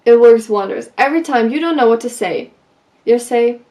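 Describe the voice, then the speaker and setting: A woman vlogger giving advice in a casual, animated way, telling stories from her school days and acting out what people said. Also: a little high, moderate pace. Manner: animated, acts out quoted lines. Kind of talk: casual storytelling advice vlog.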